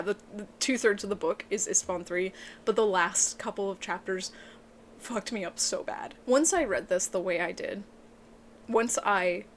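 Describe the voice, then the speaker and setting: An excitable woman giving an emotional, casual book review, swearing often and sounding tearful. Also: slight background noise. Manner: excitable, swears a lot, voice breaks into high yelps.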